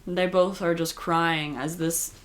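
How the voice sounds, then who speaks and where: A woman's voice: lowish voice, steady tone, a little slow, music in the background. A woman giving a casual, chatty recap of a TV episode, with lots of "like" and "you know". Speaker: recap host.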